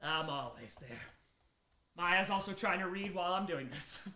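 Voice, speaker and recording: Exhausted after a day with no sleep, this male streamer reads out donations during a live charity chat, thanking each donor while swinging from hyped-up to mumbling. His voice sits high, expressive and pushed bright, at normal speed, in an echoey room with a bit of hiss or hum.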